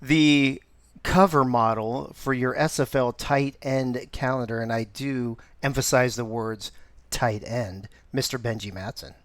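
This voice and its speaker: Male host, smooth voice, dry close sound, upbeat and joking. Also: medium pitch, measured pace, no echo. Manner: upbeat, joking, laughs often. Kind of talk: live show hosting.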